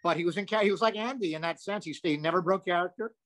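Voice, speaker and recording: An older male comedian spinning long, animated stories in an interview. His voice sits a bit high, and he curses freely and wanders into asides. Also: fast. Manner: animated, profane, rambling with asides. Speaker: comedian guest. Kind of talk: anecdotal storytelling.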